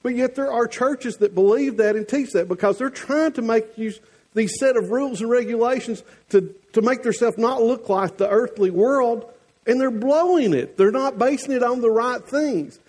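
A man's voice: extremely high pitch, moderate pace, darkish tone. A man with a Southern US accent preaching a sermon as the church's pastor, folksy and teasing one moment, earnest the next.

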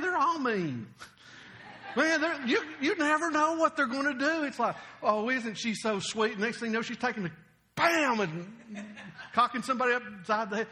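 A man preaching a sermon, folksy and animated, telling stories with humor. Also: very high voice.

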